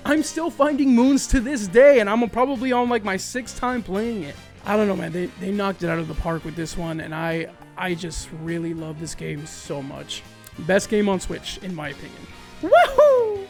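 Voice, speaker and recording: Upbeat guy with a high voice talking games for his channel, soft music behind. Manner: enthusiastic, gushing, with happy whoops. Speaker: video host. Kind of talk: casual game review monologue.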